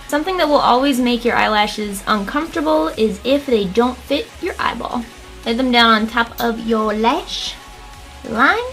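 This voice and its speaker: A woman's voice: a little high, animated, moderate pace, fairly bright tone, soft background music. A young woman doing a casual makeup tutorial at home, talking to the viewer in a playful, joking way. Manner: playful, jokey, talks straight to the viewer. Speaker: makeup vlogger.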